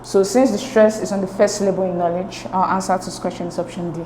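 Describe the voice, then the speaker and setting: A woman teaching an exam-prep English lesson at a middle pitch, patient and methodical, pausing to check understanding. Her voice bounces around a reverberant room, with a faint hiss underneath. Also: fairly even intonation. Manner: patient, explains step by step with checking "okay?" and "right?".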